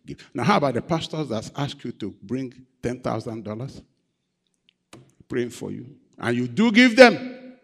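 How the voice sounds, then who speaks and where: A man's voice: medium pitch, vocal fry, husky. A male pastor preaching a sermon. He repeats phrases and prompts the congregation to call out answers. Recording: long hall reverb.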